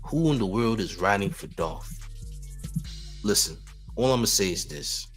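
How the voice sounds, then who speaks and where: A man's voice: on the low side, animated, measured pace, faint music behind. A man hosting a hip-hop news stream, talking sarcastically with frequent chuckles. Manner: sarcastic, chuckling, calls viewers "champ". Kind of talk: live-stream commentary.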